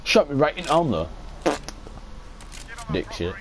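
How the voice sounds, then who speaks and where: A young man giving excitable, sweary live commentary while playing a shooter game. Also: on the high side, slow, noisy background. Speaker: gaming streamer.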